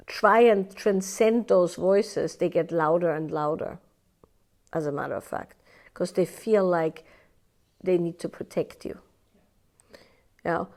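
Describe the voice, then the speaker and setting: A woman teaching a live workshop in a somewhat low voice. She talks in a loose, conversational way, tagging her points with "right?" and "yeah." Now and then she slips into quoted inner voices to show what she means. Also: a little mellow.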